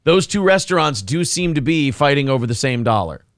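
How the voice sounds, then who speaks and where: A man's voice: mid-range voice, very animated, brisk, smooth, no room sound, studio quality. A man hosting a live-streamed talk show, chatting casually with brash, profane humor and reading out donations. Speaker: podcast host.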